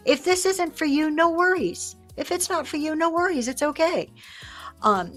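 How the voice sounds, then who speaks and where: A woman hosting a livestream, teaching sellers in a lively way and acting out the lines she quotes. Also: high-pitched. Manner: lively, acts out quoted sales talk. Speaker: live-selling host.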